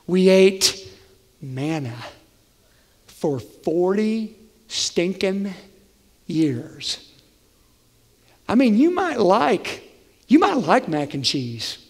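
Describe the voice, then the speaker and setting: A male pastor preaching a conversational, animated sermon in a church sanctuary. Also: sits high. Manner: conversational, animated, acts out voices. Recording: long hall reverb.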